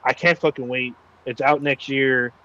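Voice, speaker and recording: A man's voice: medium pitch, fairly even intonation, moderate pace, a bit bright, lo-fi sound. A man co-hosting a casual gaming podcast, talking loosely with plenty of swearing and filler words. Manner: loose and profane, lots of fillers. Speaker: podcast co-host.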